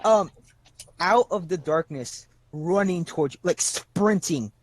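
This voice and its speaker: A young man narrating as game master of a tabletop game, halting with restarts as he describes the scene. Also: high voice, no echo. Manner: halting, many restarts and fillers.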